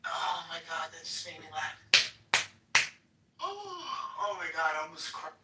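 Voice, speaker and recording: A man hosting a casual livestream, excitable and profane, often breaking into laughter. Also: fairly high pitch, unhurried, heavy background noise. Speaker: host. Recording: echoey room, mic far off, music behind.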